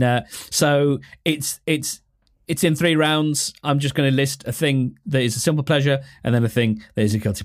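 Rambling man, casual podcast. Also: mid-range voice. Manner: rambling, self-deprecating, restarts and fillers. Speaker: podcast host. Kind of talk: casual solo podcast chat.

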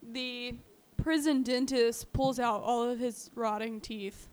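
Chatty woman with a smooth, higher voice. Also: fairly even intonation, slow, darkish tone. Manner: chatty, storytelling with many fillers. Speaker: podcast co-host. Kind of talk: casual true-crime chat.

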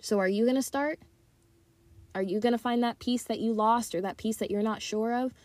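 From her walk-in closet, a young woman hosts her own podcast into a tablet mic, offering casual motivational chat that's upbeat, encouraging and giddy. Her voice is on the high side and a little mellow, at normal speed, in a dry recording.

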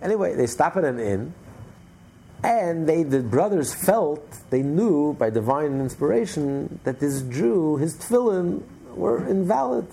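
A man teaching a religious class, telling a story in an animated way with frequent restarts. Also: on the high side, unhurried, vocal fry, a little hiss or hum.

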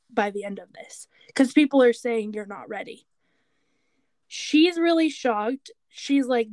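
A woman co-hosting a podcast, chatting casually and retelling scenes with animated quoted voices. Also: a little high, no room sound. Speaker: podcast co-host. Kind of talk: casual chat recapping a TV show.

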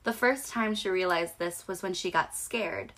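A woman's voice: lowish voice, moderate pace, a bit bright. A woman co-hosting a podcast, reading a short horror story aloud in a casual, giggly way. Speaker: podcast co-host.

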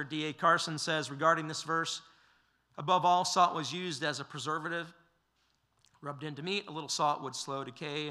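A man preaching an expository sermon, measured and emphatic, with the occasional filler. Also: a little high, bright, forceful tone. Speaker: pastor.

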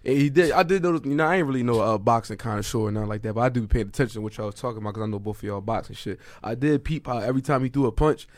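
Fast-talking young man, casual podcast chat. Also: mid-range voice, no room sound, clean studio sound. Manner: animated, swears freely, laughs a lot. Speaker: podcast co-host.

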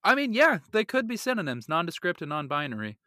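A man co-hosting a comic podcast, an animated and joking storyteller with crude humor. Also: high voice, quick pace, no room sound, clean studio sound. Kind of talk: casual podcast banter.

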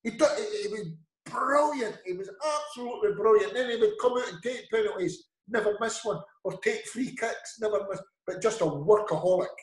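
A middle-aged Scottish football manager with an Edinburgh accent speaks as an interview guest, his high voice slightly raised and at normal speed. He rambles through casual anecdotes, slipping into the voices of people he quotes, in an echoey room.

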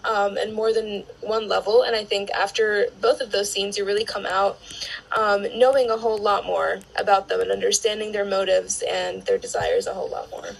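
A woman guest on a podcast with a husky voice and a lot of gravelly fry. She talks things through thoughtfully and fills her pauses with frequent ums. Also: mid-range voice, rough recording. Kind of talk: casual film discussion.

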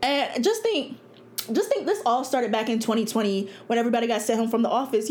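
Brisk and a little mellow, with a fairly high pitch, this young woman in her twenties chats bluntly on her own podcast. It's casual solo talk, and she laughs a lot.

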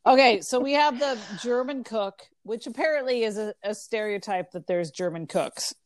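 A woman's voice: on the high side, moderate pace, dry recording, clean studio sound. A woman co-hosting a podcast, talking in a rambling, casual way with plenty of fillers. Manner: rambling, filler-heavy, chatty. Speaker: podcast co-host. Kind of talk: casual chat.

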